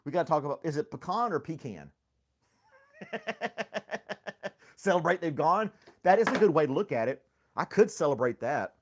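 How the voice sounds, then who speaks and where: A man's voice: a little high, lively intonation, brisk, long pauses, a little hiss or hum. A man hosting a casual livestream chat, rambling and joking, laughing often at himself. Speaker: host.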